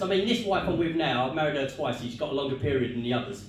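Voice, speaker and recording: A man doing a stand-up comedy set, telling jokes in a deadpan storytelling way and chuckling at his own punchlines. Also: mid-range voice, fast talker, a little hiss or hum. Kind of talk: stand-up set with crowd work. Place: comedy club stage. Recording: echoey club room, mic far off.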